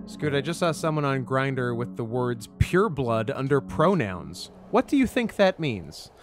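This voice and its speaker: A man of middling pitch whose voice moves expressively up and down. He sits in on a game stream, tossing out crude jokes with a dry, deadpan delivery. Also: measured pace, faint music behind. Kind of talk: casual let's-play commentary.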